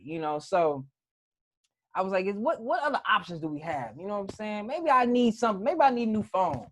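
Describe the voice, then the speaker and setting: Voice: medium pitch, normal speed. Podcast cohost, chatty slang, voice swings all over. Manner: animated storytelling, slangy. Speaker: podcast co-host. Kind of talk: casual chat.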